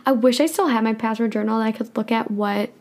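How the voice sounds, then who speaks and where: A woman's voice: fairly high pitch, fast talker, darkish tone. A young woman in her twenties co-hosting a podcast, chatting casually and laughing often. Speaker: podcast co-host. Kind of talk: casual chat.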